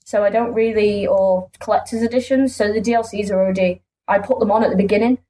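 A woman's voice: mid-range voice, steady tone, quick pace, mellow, a little hiss or hum, low-quality recording. A woman co-hosting a gaming podcast, chatting casually and hesitantly. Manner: hesitant, lots of fillers. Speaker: podcast co-host. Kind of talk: casual chat.

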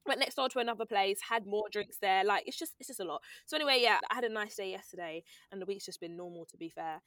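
A woman's voice: medium pitch, fast, fairly bright tone, no echo. Chatty young woman. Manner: chatty, laughing, teasing. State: congested. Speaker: podcast co-host. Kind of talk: casual chat.

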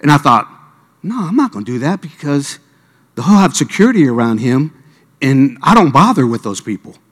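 A man's voice: mid-range voice, very animated, moderate pace. A man from Miami preaching a sermon, telling stories animatedly and acting out the voices of the people in them. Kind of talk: sermon storytelling. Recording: reverberant hall.

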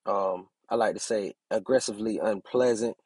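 A man's voice: fairly low pitch, normal speed, darkish tone, husky, no echo. A brash young man hosting his own podcast, talking casually and preaching with plenty of profanity. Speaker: podcast host and relationship coach.

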